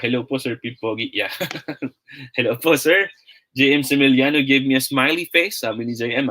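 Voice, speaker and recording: Bright-voiced upbeat Filipino male teacher. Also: mid-range voice, low-quality recording. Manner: upbeat, chatty, reading out viewer comments and greeting them. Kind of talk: live online English pronunciation lesson.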